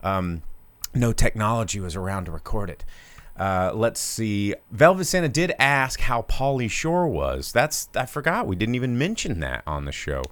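Smooth-voiced man chatting casually. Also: lowish voice, sing-song, normal speed, fairly bright tone, no room sound. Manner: jokey, puts on mock voices. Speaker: podcast co-host. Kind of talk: casual chat.

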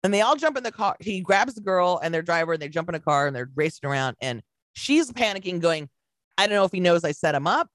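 A woman's voice: fairly low pitch, quick pace, no echo. Woman on a podcast telling a wild story, acts out all the quotes, swears a lot, dry close mic. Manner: animated storyteller acting out quotes, swears freely. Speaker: podcast co-host. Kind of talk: casual chat.

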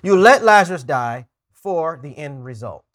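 A man's voice: a little high, expressive, unhurried, fairly bright tone. A man preaching a conversational sermon as pastor, earnest, often stumbling and repeating words as he goes.

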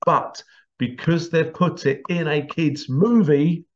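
A man's voice: on the high side, slow. Man telling a story, dull lo-fi sound. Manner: animated storytelling, rhetorical questions. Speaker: host. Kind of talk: monologue commentary.

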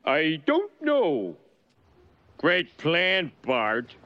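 A man's voice: on the high side, wildly swooping pitch, lo-fi sound, full character voice. A man voicing a frail, scheming elderly tycoon in a cartoon, speaking haughtily. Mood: haughty. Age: older. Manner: slow, creaky, haughty. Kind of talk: cartoon voice acting.

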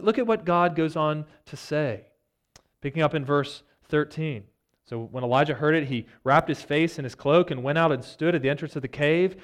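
Male church elder preaching, slightly high voice, moves between intense retelling and quiet, soft reading. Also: smooth. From Virginia, United States. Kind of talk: sermon. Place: church sanctuary.

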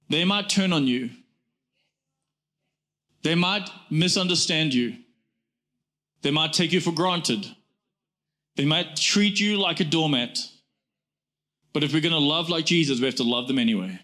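A man's voice: fairly high pitch, pushed and bright. A pastor in his forties preaching a sermon to his congregation, emphatic and repetitive, often calling them "guys". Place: church before a congregation.

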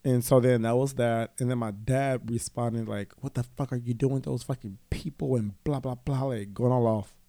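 A man's voice: mid-range voice, normal speed, hardly any pauses, no echo. A man telling a personal story in casual chat, swearing often and acting out other people's voices. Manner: animated, profane, quotes others in voices. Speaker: guest.

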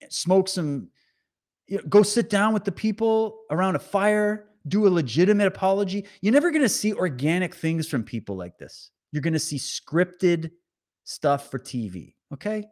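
Animated, ranting man. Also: high-pitched. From Canada. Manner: sarcastic, profane, heated. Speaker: online commentator. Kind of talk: ranting commentary over clips.

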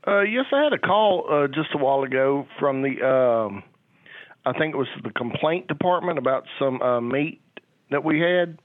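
A man's voice: fairly high pitch, expressive, moderate pace, dry recording. An older man on a phone call, a father who talks in a rambling, hesitant way with many fillers. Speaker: caller, a father. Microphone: telephone. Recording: tinny phone line.

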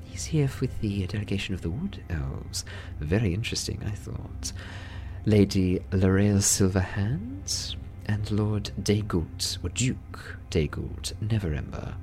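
A man voicing a shrewd older woman teacher in a tabletop game, talking in a hushed, dry, confiding way. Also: on the low side, very animated, measured pace, soft background music. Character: shrewd female elder teacher, dry and wry.

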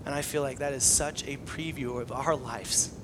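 A man's voice: mid-range voice, normal speed, background noise. A man preaching a conversational sermon, acting out scenes with lots of energy. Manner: conversational, animated, acts out scenes. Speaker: pastor.

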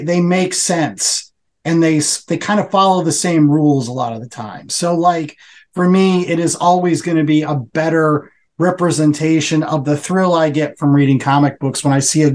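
A man co-hosting a podcast, talking casually and enthusiastically, rambling with lots of fillers. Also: a little high. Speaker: podcast co-host. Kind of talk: casual review chat.

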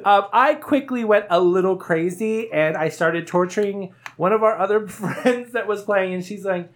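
A woman's voice: mid-range voice, moderate pace, hardly any pauses. Chatty, laughing woman podcast host. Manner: laughing, rambling, animated. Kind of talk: casual chat with friends.

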